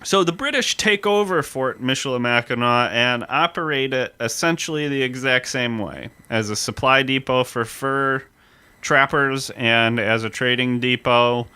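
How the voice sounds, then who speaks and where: A man's voice: medium pitch, unhurried, pushed and bright, clean tone, no room sound. A man co-hosting a casual history podcast, explaining events step by step in a storytelling way. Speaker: podcast co-host.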